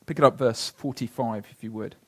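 A pastor preaching a sermon, telling stories earnestly and slowing down to read scripture. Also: male voice, mid-range voice, fairly even intonation, slight background noise.

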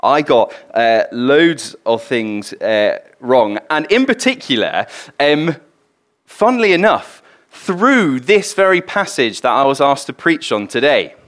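A man's voice: medium pitch, very animated, takes it slowly, a bit bright. A man preaching a sermon to a congregation in a candid, conversational way with plenty of fillers and restarts. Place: room with a congregation.

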